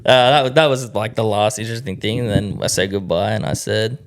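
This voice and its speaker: A man's voice: fairly low pitch, brisk, slight background noise. Sweary young Australian man telling stories. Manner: sweary storytelling, acts out quotes, laughs often. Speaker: podcast co-host. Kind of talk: casual chat.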